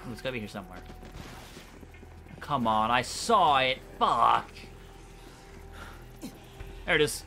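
A man's voice: medium pitch, lively intonation, a little slow, gravelly, long pauses, pushed and bright, a little hiss or hum. A man casually commenting on his gameplay, often frustrated and swearing at the game and its characters. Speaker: gameplay streamer.

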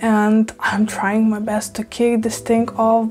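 Woman vlogger, under the weather, voice only just back; relaxed tired chat, faint music bed. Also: on the high side, slow pace. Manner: tired, laid back, chatty. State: sick, voice just recovering. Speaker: plant vlogger. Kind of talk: casual vlog chat.

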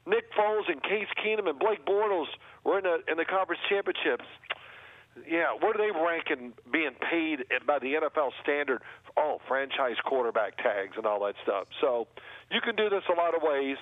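A man's voice: on the high side, animated, normal speed, no room sound. Man talking nonstop over a phone line. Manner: long rolling monologues, talks over others. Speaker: guest analyst, former game broadcaster. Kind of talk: casual sports podcast chat. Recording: tinny phone line, dry.

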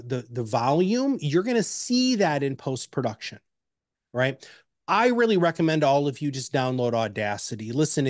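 A man presenting an instructional webinar, energetic and chatty, with personal anecdotes and emphatic repeated pleas. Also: a little high, dry recording, clean studio sound.

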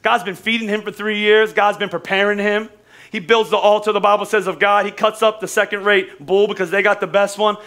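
An American pastor preaching a sermon in an animated, joking way, with quick restarts. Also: male voice, high voice. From United States. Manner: animated, joking, talks fast with frequent restarts.

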